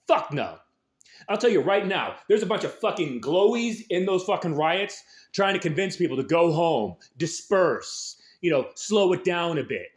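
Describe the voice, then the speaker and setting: A man hosting a show, delivering an angry, aggressive political rant full of swearing. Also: high voice. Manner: angry, aggressive, heavy swearing, shouted peaks. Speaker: host.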